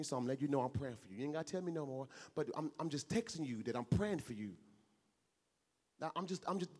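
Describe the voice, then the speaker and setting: A man's voice: a little high, a little mellow. A man preaching an earnest, conversational sermon, repeating phrases and acting out everyday dialogue. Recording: long hall reverb.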